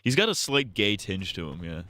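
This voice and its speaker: A man's voice: fairly low pitch, sing-song, normal speed, pushed and bright, no echo, clean studio sound. A man streaming a game, talking casually and crudely, rambling and joking as he plays. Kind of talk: casual gameplay commentary.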